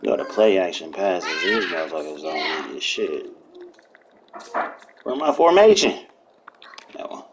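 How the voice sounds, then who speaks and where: A young man giving casual, excitable commentary while playing a video game, trash-talking, laughing and yelping often. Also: low voice, measured pace, pauses often, noisy background. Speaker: gameplay streamer.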